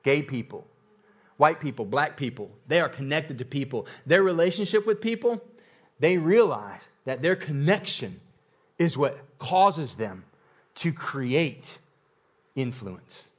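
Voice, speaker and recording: A man's voice: a little high, expressive, unhurried. A man preaching a sermon, repeating phrases and building intensity, with occasional laughter. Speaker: pastor.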